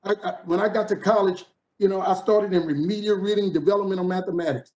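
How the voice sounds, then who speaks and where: Speaking fast in a steady tone, this man has a voice that sits high and a little mellow, captured with lo-fi sound. He's a keynote speaker in his fifties from New Orleans, USA, with a New Orleans accent, delivering a motivational talk full of preacher-like, rhythmic repetition.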